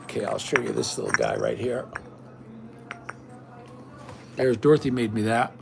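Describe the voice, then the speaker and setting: A man's voice: medium pitch, huge pitch swings, fast, gravelly, a little mellow, slight background noise. A middle-aged man talking casually at home in a vlog, indignant and rambling. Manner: indignant, ranting. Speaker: vlogger.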